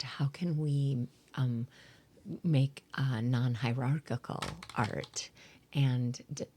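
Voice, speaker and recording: A woman from South Dakota, a theater performer and teacher, telling stories in a rambling interview chat with lots of fillers and soft whispery asides. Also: rumbling low, husky. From South Dakota, USA. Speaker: guest, actor and theater teacher.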